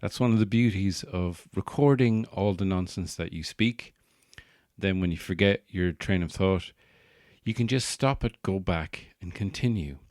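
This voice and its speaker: A man's voice: sits low, unhurried, darkish tone, no echo, studio quality. An Irish man hosting a podcast, rambling through a jokey comic monologue and slipping into put-on accents. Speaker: podcast host and stand-up comedian. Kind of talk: casual comedic monologue.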